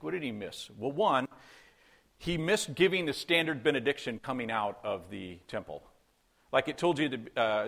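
A man's voice: mid-range voice, vocal fry, fairly bright tone. A man preaching a sermon in a conversational way, full of rhetorical questions and acted-out quotes. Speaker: pastor.

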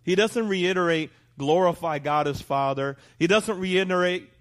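A middle-aged man preaching a sermon as pastor, animated and asking the congregation for responses. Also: high-pitched, moderate pace.

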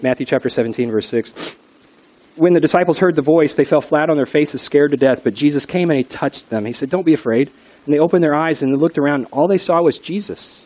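A middle-aged male pastor delivers an earnest, conversational sermon, weaving stories in as he goes. His voice sits fairly high in pitch and has a slightly mellow quality.

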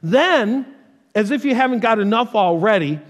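A man preaching a sermon as a pastor, telling the story with animated delivery and acting out the voices. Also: high voice, moderate pace. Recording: reverberant hall.

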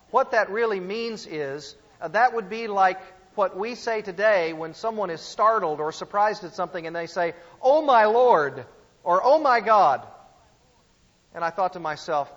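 A preacher with a high voice leans into his points and throws questions back at the congregation. His voice carries a long hall reverb, and the recording sounds dull and lo-fi. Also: a bit bright. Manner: emphatic teaching with rhetorical questions to the audience. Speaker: pastor teaching a series. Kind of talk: sermon.

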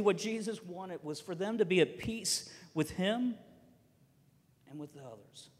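Telling stories from the pulpit, a man preaching as a pastor alternates loud emphatic lines with soft, quiet ones. He has a high voice, and the recording has a big-room sound.

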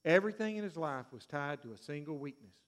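A male preacher delivering a dramatic sermon, swinging between hushed asides and loud emphasis. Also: fairly high pitch, big pitch swings, fast.

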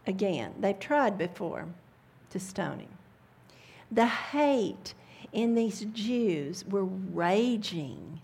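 A woman teaching the Bible in a sermon style, at a slow and deliberate pace in a mid-range voice. She reads scripture aloud and keeps stopping to add fervent comments of her own. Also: medium pitch, very animated, creaky, darkish tone, slightly rough.

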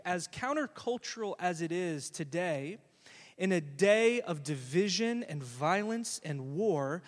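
A male pastor preaching a sermon in a conversational storytelling way, often putting questions to the congregation. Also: high voice. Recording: long hall reverb.

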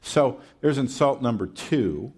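A man's voice: medium pitch, animated, a little slow, a little mellow. A man preaching a sermon in a conversational way, with rhetorical questions and folksy asides.

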